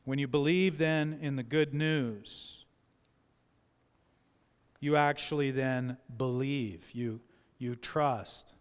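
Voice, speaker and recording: A male pastor preaching a sermon in a church, emphatic, moving from quiet asides to loud passages and acting out the voices he quotes. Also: medium pitch, fairly even intonation, slow, long pauses, clear, resonant tone, big-room sound. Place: church sanctuary.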